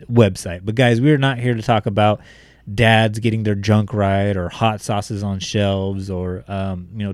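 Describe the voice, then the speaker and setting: A man's voice: fairly low pitch, darkish tone, dry recording, clean studio sound. Rambling, joking male podcast host. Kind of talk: casual podcast chat with sponsor reads.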